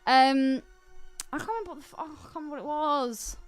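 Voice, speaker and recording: A woman's voice: high voice, fast, faint music behind. A woman co-hosting a podcast, chatting in a teasing, argumentative way. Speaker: podcast co-host. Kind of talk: casual chat.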